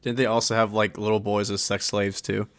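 Low-voiced man in casual podcast chat. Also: a little fast, no echo. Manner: swearing, laughing, animated. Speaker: podcast co-host.

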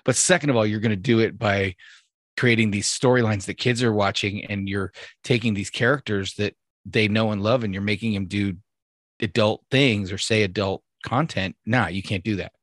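A man's voice: lowish voice, fairly even intonation, normal speed, fairly bright tone, dry recording, clean studio sound. A man hosting a podcast, rambling and swearing casually. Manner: rambling, profane, restarts a lot. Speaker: podcast host. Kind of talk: casual chat.

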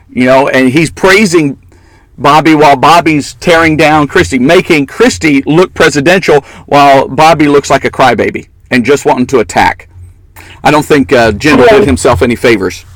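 A man's voice: a little high, fairly bright tone, dry recording, rough recording. A man co-hosting a casual political talk show, giving opinionated and mocking commentary. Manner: opinionated, mocking, laughs often.

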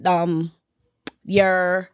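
A woman's voice: lowish voice, level tone, drawn-out words, smooth, no echo, clean studio sound. A woman in her thirties chatting casually, giving loose, rambling beauty advice with many restarts. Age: 30s. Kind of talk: casual chat.

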